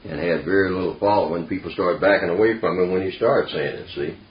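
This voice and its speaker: Speaking fast in a low voice, this discussion leader runs an informal group talk with emphatic, folksy energy and frequent "see" and "you know" asides. The room echoes and the sound is dull and lo-fi.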